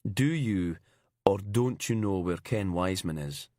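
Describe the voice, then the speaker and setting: A man plays a hard-edged detective in an audiobook thriller, curt and sweary. His low, dry voice is full of contempt. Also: expressive, a little slow, a little mellow, no echo. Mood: hostile. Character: angry male detective sergeant, blunt and sweary.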